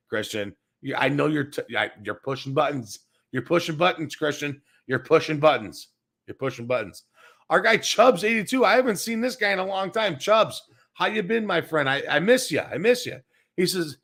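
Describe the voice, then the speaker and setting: Profane, fired-up man hosting a sports stream. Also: on the high side. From Chicago area. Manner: loud, repetitive, heavy swearing, reads viewer comments. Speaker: sports talk show host. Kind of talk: profane livestream sports rant.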